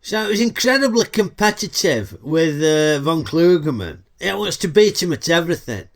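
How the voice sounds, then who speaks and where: A man's voice: a little high, very animated, moderate pace. A middle-aged man with a Yorkshire accent, hosting a chatty, cheeky comedic film review full of dialect banter. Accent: Northern English, Yorkshire.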